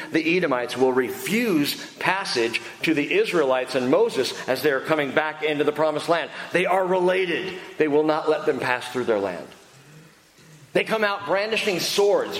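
A male pastor preaching a sermon in an animated, humorous and emphatic way. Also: a little high. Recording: echoey hall with faint noise.

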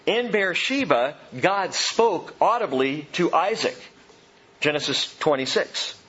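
A man's voice: fairly high pitch, lively intonation, slow pace, a bit bright, slightly rough, dull audio. A man preaching a sermon, earnest and emphatic, asking his listeners question after question. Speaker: pastor.

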